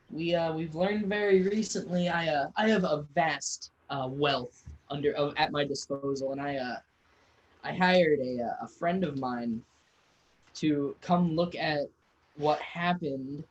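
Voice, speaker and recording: A man's voice: a little high, slow pace, muffled recording. A man voicing a pompous noble male town ruler who stammers and fusses. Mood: stammering. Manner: stammering, fussy and self-important.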